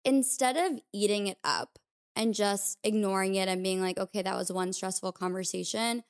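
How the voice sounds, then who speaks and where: Smooth-voiced woman sharing personal reflections. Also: mid-range voice, fairly even intonation, moderate pace. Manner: candid, confessional, uses filler "like". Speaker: podcast host. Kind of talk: personal reflective podcast talk.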